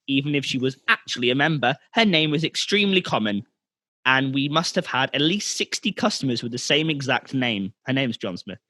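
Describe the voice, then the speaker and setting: A man's voice: medium pitch, lively intonation, brisk, sharp tone, no echo. A young man co-hosting a podcast, reading a story aloud in a rambling, self-mocking way and laughing often. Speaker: podcast co-host.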